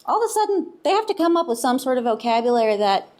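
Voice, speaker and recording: A woman co-presenting a conference talk in a hall, relaxed and joking. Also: high-pitched, quick pace. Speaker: conference speaker.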